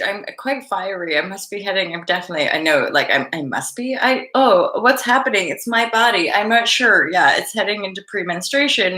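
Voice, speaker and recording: Chatty rambling woman, echoey room. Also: lowish voice. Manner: rambling, laughing, swearing, lively and chatty. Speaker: vlog host. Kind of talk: casual chat to camera.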